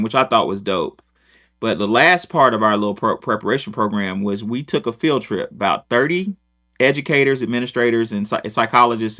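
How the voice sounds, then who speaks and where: A middle-aged man from Rochester telling a story in casual chat, with lots of swearing and digressions. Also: medium pitch. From Rochester, New York. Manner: profane, digressive, animated. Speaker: podcast host, former teacher.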